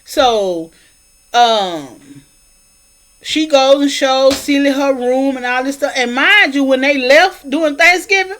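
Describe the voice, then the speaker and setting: High-pitched woman vlogger, animated colloquial storyteller recapping a film. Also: takes it slowly. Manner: animated storyteller, colloquial, slips into character voices. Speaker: movie reviewer. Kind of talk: casual plot recap.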